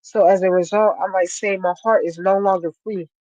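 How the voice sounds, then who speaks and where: A poet from Ohio, heard over a video call in a relaxed, plain-spoken voice. Recitations roll in a steady spoken-word rhythm. The sound is dull, dry and lo-fi, and the pitch sits at a middle level. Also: a little fast, no echo. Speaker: guest poet. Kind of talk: casual interview answers and spoken-word poetry. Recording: dull lo-fi dry stream audio.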